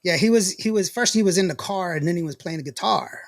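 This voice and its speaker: A man's voice: high voice, expressive, quick pace, gravelly, no room sound, studio quality. A man hosting a podcast in casual chat, reading live comments and rambling with frequent laughs. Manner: rambling, laughs often, lots of restarts. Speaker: podcast host.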